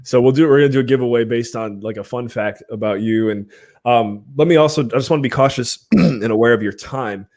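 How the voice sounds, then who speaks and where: A man's voice: medium pitch, a little fast, a little mellow. Casual male livestream podcast host. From Ohio, USA. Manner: rambling, runs giveaways, laughs often.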